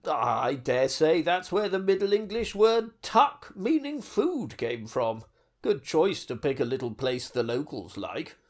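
A man playing a pompous, clueless upper-class man in a comedy sketch, with a deadpan, mock-scholarly delivery. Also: fairly high pitch, unhurried.

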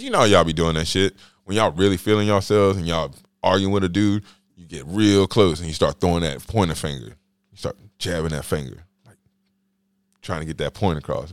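A man's voice: deep voice, dry recording. A man hosting a solo podcast, telling a story in a rambling, slangy, joking way. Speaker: podcast host.

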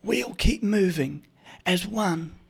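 Man doing a raspy hushed ad voiceover lady. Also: high voice, slow pace, voice pushed up, full character voice. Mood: hushed soothing. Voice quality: raspy, breathy. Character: soothing raspy female ad voiceover.

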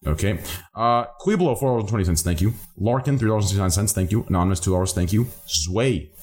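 A man hosting a livestream, casually reading out donation names and amounts with quick thanks. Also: on the low side, a little mellow. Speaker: livestream host.

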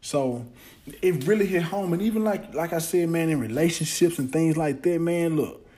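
A man's voice: on the high side, moderate pace, mellow. A man hosting a podcast, talking in a blunt, rambling casual monologue full of slang and repeated words. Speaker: podcast host.

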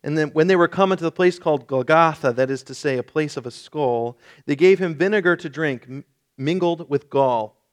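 A male pastor reading a long scripture passage aloud during a sermon, in a solemn, measured way. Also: a little high.

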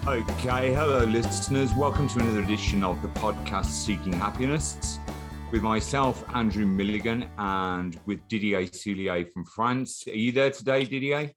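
A male podcast host with a fairly low voice talks in a loose, chatty way. He teases his co-host and often restarts his sentences as he goes. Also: moderate pace, music in the background. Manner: chatty and teasing, with frequent restarts. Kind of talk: casual chat.

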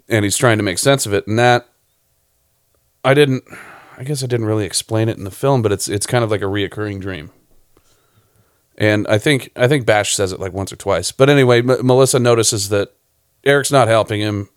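A man's voice: on the low side, no room sound, studio quality. A man who directed a short film, chatting loosely about it on a podcast, rambling and swearing often. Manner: rambling, profane, laughs often. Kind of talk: casual podcast chat.

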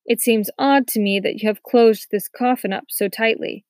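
A woman voicing a harsh, condescending male army officer with slow, cold, mocking delivery in a dry recording. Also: fairly high pitch, a little mellow, no room sound, natural voice. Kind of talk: audiobook character reading.

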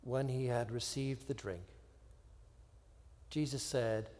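A man preaching a sermon, with dramatic pauses and drops to a hushed voice. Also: medium pitch, fairly even intonation, in a large hall. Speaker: pastor.

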